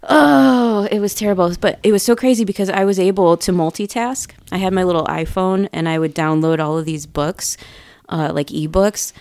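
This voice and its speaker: A woman co-hosting a podcast, telling a story in casual chat, swearing freely and animated. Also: lowish voice, fairly quick, hardly any pauses, no echo. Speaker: podcast co-host.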